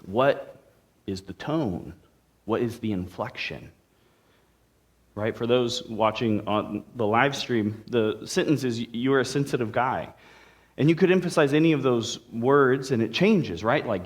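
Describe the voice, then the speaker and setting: A man's voice: medium pitch, unhurried. A male pastor preaching a sermon in a conversational way, with playful asides to the congregation. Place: church sanctuary.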